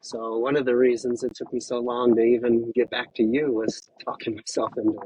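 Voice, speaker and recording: A man in his fifties, a retired firefighter, speaking candidly and emotionally in an interview, with halting pauses and restarts over a video call. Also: mid-range voice, flat delivery, a little mellow, slight background noise, low-quality recording.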